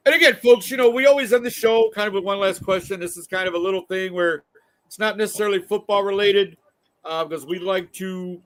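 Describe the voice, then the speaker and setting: Male show host, high-pitched voice, chatty, jokey asides to listeners. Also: fairly quick. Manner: chatty, joking asides to the audience. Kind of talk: casual chat.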